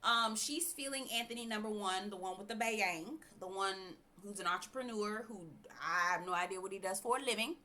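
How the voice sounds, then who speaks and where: A woman's voice: medium pitch, fairly quick, few pauses, bright, forceful tone, a little hiss or hum. A woman who talks bluntly and frankly as she reviews a reality show in a casual, chatty way. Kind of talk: casual opinionated commentary.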